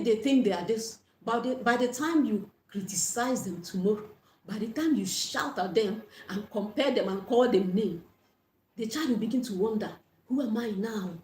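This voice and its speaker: A woman's voice: on the high side, warm tone. A woman giving an earnest parenting talk on a livestream, repeating her key points and blessing her viewers. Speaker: parenting coach. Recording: echoey room.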